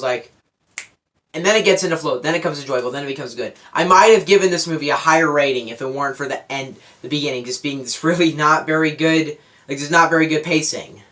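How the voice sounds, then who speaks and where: A man's voice: on the high side, bright, forceful tone. A young man giving a casual, unscripted movie review, rambling and correcting himself as he goes. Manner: rambling, self-correcting, enthusiastic.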